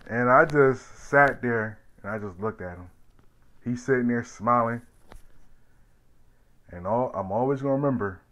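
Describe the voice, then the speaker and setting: A man vlogging a personal story from his life, animated and blunt, swinging from loud bursts to hushed tones and swearing freely. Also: medium pitch, measured pace, pauses often, low-quality recording.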